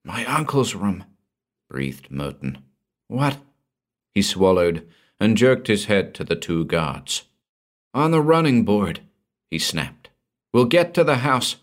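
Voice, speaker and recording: A man's voice: low voice, sing-song, slow pace, full character voice. A man reading a story aloud, voicing a brash young man who snaps out urgent, alarmed questions.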